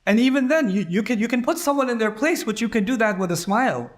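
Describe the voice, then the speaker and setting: A man with a fairly high voice delivers a sermon. He talks in a relaxed, conversational way and acts out the people in his stories. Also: quick pace. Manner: conversational, acts out quoted dialogue. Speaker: preacher.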